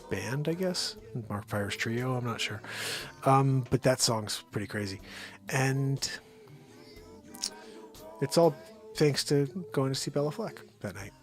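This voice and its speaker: A man's voice: on the low side, slow pace, long pauses, soft background music. A man hosting a daily live comedy stream from home, rambling loosely, scolding his dogs and calling out viewers' names.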